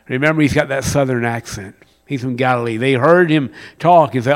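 A man preaching a sermon, rising to loud emphatic passages and dropping to a near whisper. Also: mid-range voice, fairly quick. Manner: reads scripture with plain conversational paraphrase. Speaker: pastor.

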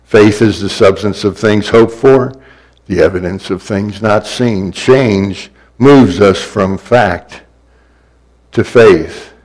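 A man's voice: on the low side, slow pace, darkish tone, poor audio. A man preaching a sermon in a repetitive, building cadence that swells in places.

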